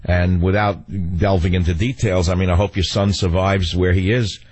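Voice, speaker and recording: An older male radio host with a low, husky voice talks in a rambling, wry way. He drifts between asides and jokes, and the studio sound is close and dry. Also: level tone, normal speed, darkish tone, dry recording. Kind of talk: talk radio monologue.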